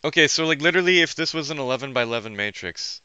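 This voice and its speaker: A man's voice: a little high, lively intonation, fast, sharp tone, clear, resonant tone, dry recording, highs cut off. A man rambling through a monologue, swearing heavily and breaking off his sentences as he thinks aloud. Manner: profane, restless, thinking aloud; self-interrupting, trails off mid-sentence. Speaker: vlogger.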